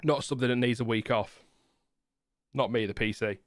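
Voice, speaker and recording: A man's voice: medium pitch, fairly even intonation, normal speed, no room sound, studio quality. A man hosting a casual live watchalong, rambling and chatty with lots of fillers and laughs. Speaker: livestream host.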